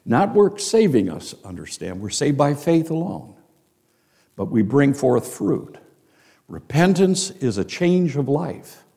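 A male pastor preaching a sermon, emphatic, with rhetorical questions and dramatic pauses. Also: mid-range voice, vocal fry, dark tone.

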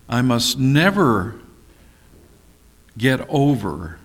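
A man teaching a Bible study class, reading scripture deliberately and making folksy, teasing asides to his listeners. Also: medium pitch, very animated, slightly rough.

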